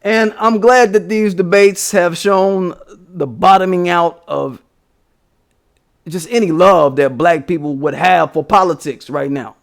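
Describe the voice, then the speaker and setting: A man's voice: sits high, a little slow, creaky. A young man from the United States, hosting a livestream, ranting about politics in a profane, emphatic way with scornful laughs. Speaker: livestream host. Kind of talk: casual political rant.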